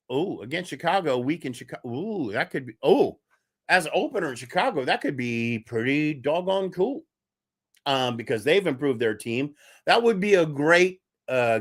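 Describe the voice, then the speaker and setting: A man hosting a casual live-streamed sports talk show, animated and scattered, laughing while he juggles links and texts. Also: mid-range voice, moderate pace. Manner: animated, laughing, talks to chat and co-hosts. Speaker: podcast host.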